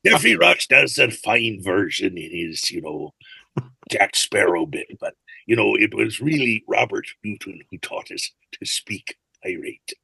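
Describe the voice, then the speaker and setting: An older man, an actor and fight choreographer, telling rambling, animated anecdotes as a guest over a video call. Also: fairly low pitch, a little slow, creaky, slightly rough, no room sound. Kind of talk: casual interview storytelling.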